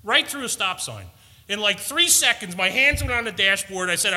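A man's voice: high voice, lively intonation, normal speed, sharp tone, big-room sound. A man preaching a sermon, earnest and storytelling, building to emphatic points. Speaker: pastor.

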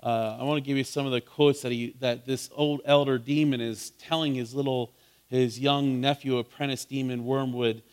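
A man's voice: mid-range voice, flat delivery, normal speed, clear, resonant tone. A man pastor preaching a sermon, earnest, repeating words and asking his listeners questions.

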